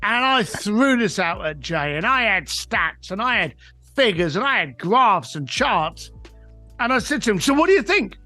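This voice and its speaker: Animated high-voiced storyteller. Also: male voice, measured pace, soft background music. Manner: animated storyteller, emphatic, acts out quotes. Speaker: guest, coach and author. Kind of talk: podcast interview storytelling.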